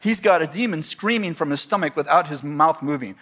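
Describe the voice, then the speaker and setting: Male preacher, middle-aged, high and bright tone, storytelling sermon in front of a congregation. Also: fairly quick. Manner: storytelling, animated retelling with voiced quotes. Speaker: pastor.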